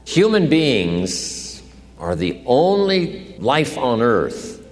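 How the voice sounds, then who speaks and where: Man lecturing, low voice with lively pitch, long hall reverb. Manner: explains with questions and answers. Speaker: motivational speaker. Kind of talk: motivational lecture.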